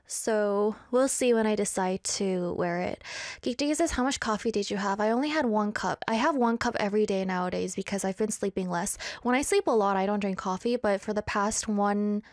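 A woman's voice: medium pitch, no room sound. Chatty young woman streaming, dry close sound. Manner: chatty, animated, playful voice shifts. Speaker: livestream host. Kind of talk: casual live-stream chat reading comments.

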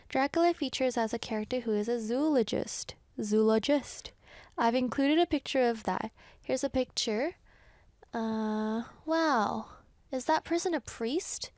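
A woman's voice: high voice, a little mellow, no echo. A young woman hosting a radio show, chatting casually in a bubbly, giggly way and reading out listener messages on a studio microphone.

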